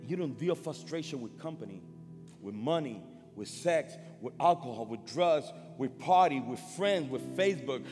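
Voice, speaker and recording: A middle-aged man preaching a sermon built on a personal story. He talks in an emotional, halting way, repeating words as he swings between loud and soft. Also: mid-range voice, expressive. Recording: long hall reverb, faint music.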